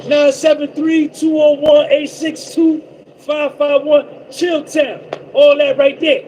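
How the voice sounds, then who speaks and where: A man's voice: extremely high pitch, flat delivery, takes it slowly, slight background noise, low-quality recording. A man from North Jersey with a New Jersey accent, boasting and repeating himself in a casual live-stream monologue. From North Jersey, USA. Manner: boastful, repetitive, giving shout-outs. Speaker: trucker livestream host.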